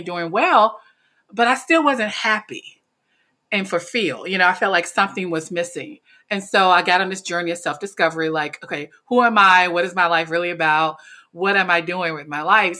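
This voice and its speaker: A middle-aged woman from North Carolina, a coach being interviewed, telling her story in a lively way with frequent laughter and acted-out quotes. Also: fairly low pitch. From North Carolina, USA. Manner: animated, laughs often, acts out quoted lines. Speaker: podcast guest, speaker and coach.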